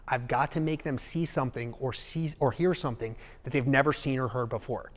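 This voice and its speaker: A man giving a live seminar talk in an animated way, acting out examples and checking in with the audience. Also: medium pitch, fairly quick, long reverb tail. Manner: animated, acts out examples, asks the audience "okay?". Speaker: seminar speaker.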